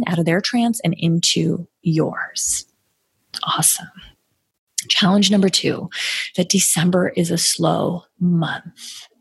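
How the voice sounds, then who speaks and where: A woman giving an energetic, emphatic sales coaching talk on a podcast, acting out sample lines she would say to clients. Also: fairly low pitch, creaky, slightly rough, no room sound, studio quality.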